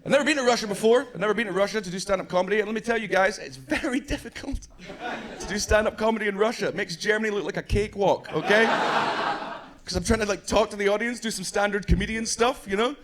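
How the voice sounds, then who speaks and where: A Scottish man doing stand-up on a club stage, his voice sitting fairly high as he talks brashly and swears freely. He keeps slipping into quick voices for the people in his stories. A live crowd laughs loudly around him. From Scotland. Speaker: stand-up comedian. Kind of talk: stand-up comedy set. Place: comedy club stage before a live audience.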